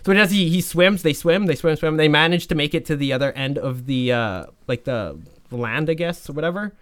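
A man's voice: fairly high pitch, a little fast, a bit bright. A man telling a story in a casual, rambling way, full of fillers and restarts, and swearing freely.

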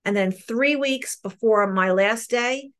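A woman's voice: a little high, slow pace, fairly bright tone. Middle-aged New Jersey woman sharing frankly. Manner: earnest, frank, repeats words as she goes. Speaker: meeting member sharing. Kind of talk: personal recovery share. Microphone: online meeting call.

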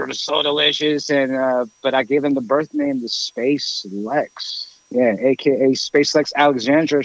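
A man telling a long story in casual chat, rambling with many fillers and lively quoted voices. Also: medium pitch, no echo, lo-fi sound.

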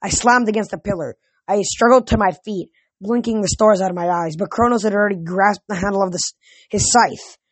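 A woman reading a novel aloud in a steady, measured way. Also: medium pitch, dry recording. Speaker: reader.

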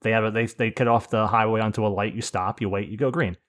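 A man's voice: lowish voice, steady tone, quick pace. A man hosting a podcast in casual chat, telling rambling stories with swearing and laughs. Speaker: podcast host.

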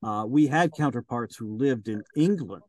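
A man's voice: medium pitch, moderate pace, a little mellow, dry recording. A man who narrates audiobooks, chatting as an interview guest in a rambling, hesitant way with lots of fillers. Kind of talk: casual interview chat.

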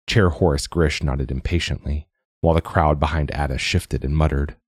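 Very deep-voiced male narrator. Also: steady tone, normal speed, no echo, clean studio sound. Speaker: audiobook narrator. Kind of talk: scripted narration.

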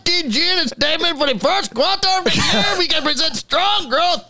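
A man putting on a German accent to play a stiff male tobacco executive, loud and clipped. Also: very high voice, expressive, brisk, crowd noise, pitched above the performer's own voice. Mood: barking. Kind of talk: comedic put-on voice reading a quote.

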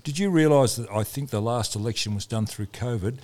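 A man's voice: medium pitch, fairly quick, a little mellow, a little hiss or hum. A man, a regular on a radio chat, rambling and opinionated. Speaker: regular guest.

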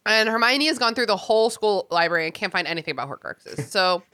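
A woman hosting a podcast in casual chat, animated and swearing freely. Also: medium pitch. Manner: animated, swearing, quick asides. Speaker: podcast host.

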